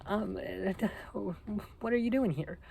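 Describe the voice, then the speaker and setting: A man putting on the voice of a nervous young man with a high-pitched voice, hesitant and timid. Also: slow, vocal fry, darkish tone, slight background noise, heavily acted. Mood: anxious.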